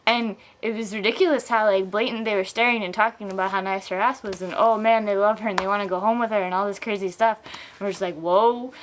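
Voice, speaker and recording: A woman's voice: medium pitch, fairly even intonation, quick pace, slight background noise. A young woman vlogging in a casual, rambling way, tipsy and giggly, with lots of fillers, recorded on a handheld camera mic. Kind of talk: casual rambling vlog rant.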